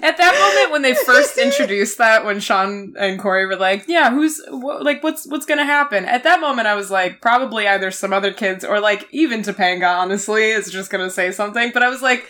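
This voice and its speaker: A woman's voice: medium pitch, animated, brisk, few pauses, sharp tone. A young woman co-hosting a podcast in casual chat, laughing and giving emphatic opinions. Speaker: podcast co-host.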